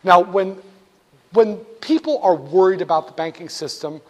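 A man with a notably high voice gives a classroom lecture. He is jokey and animated, and he talks straight to his students as he explains. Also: normal speed. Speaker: instructor.

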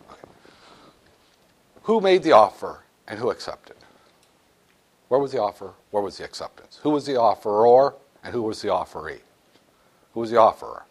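Lively joking man lecturing a class. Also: medium pitch, measured pace, pauses often. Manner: animated, jokey, acts out little scenes. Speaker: business law teacher.

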